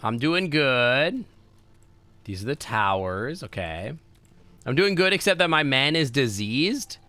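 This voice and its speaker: A man's voice: medium pitch, very animated, slow pace, bright, forceful tone, no room sound. A man streaming a video game, chatting casually and swearing now and then. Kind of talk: casual gameplay chat.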